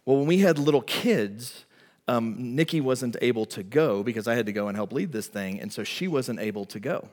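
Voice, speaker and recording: A middle-aged man preaching a sermon as pastor, telling stories in an animated, emphatic way. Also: mid-range voice, moderate pace, big-room sound.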